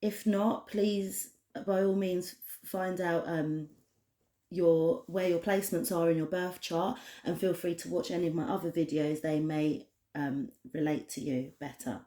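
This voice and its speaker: A woman from the United Kingdom talks through an oracle card reading in a chatty, passionate way, with many restarts. Her voice is low and mellow, and the room gives it a clear echo. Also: fairly even intonation, measured pace. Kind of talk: casual spoken card reading to camera.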